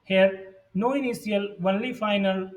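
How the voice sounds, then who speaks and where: A man teaching a pronunciation lesson, reading the sounds out one by one in a deliberate way. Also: high-pitched, fairly even intonation, distant mic, low-quality recording. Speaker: language teacher. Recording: voice set back from the mic.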